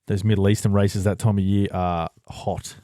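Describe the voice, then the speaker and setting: Low-voiced man swearing through casual chat. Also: little pitch movement, normal speed, warm tone, dry recording, studio quality. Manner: swears freely and laughs often. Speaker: podcast co-host.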